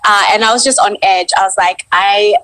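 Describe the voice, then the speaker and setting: A woman's voice: mid-range voice, brisk, no echo, rough recording. A woman with an Australian accent, a voice actress guest telling her story on a video call and acting out quoted reactions. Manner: animated, acts out quoted reactions. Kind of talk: casual interview storytelling.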